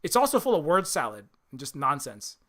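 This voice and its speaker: Male host from Hawaii, casual rambling commentary; high-pitched, bright tone. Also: wildly swooping pitch, fairly quick. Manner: rambling, many restarts and fillers. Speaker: channel host.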